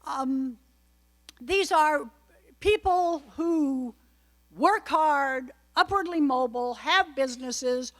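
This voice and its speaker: A woman's voice: high-pitched, slow. A woman giving an informal political talk to a live audience, chatty and wry, full of asides. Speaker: guest speaker at a political club.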